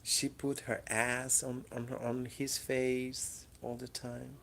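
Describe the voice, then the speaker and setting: A woman's voice: very deep voice, flat delivery, takes it slowly, creaky, a little hiss or hum. A woman chatting casually at home in her apartment, coaxing and teasing her cats in front of a camera. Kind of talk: casual chat to pets at home. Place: apartment indoors. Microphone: camera in the room.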